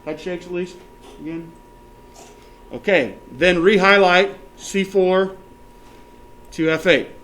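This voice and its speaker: A male instructor leads a software lesson for a class one step at a time, checking often that everyone follows and listing options by counting them aloud. His voice is high-pitched, slow-paced and punctuated by frequent pauses.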